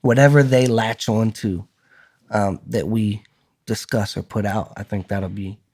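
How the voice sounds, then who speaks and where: A man co-hosts a podcast in loose, friendly chat, his voice sitting a little on the low side. He talks with energy and often trips into repeated words before landing his point. Laughter slips in between his thoughts. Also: fairly even intonation, measured pace, darkish tone. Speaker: podcast co-host. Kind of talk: casual chat.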